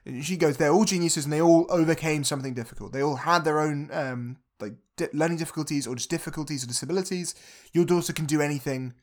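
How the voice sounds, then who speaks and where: A man co-hosting a casual podcast, retelling a film's scenes and quoting the characters in a quieter voice. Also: on the high side, fast. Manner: retells scenes, acting out quotes in a softened voice. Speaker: podcast co-host. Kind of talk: casual film recap chat.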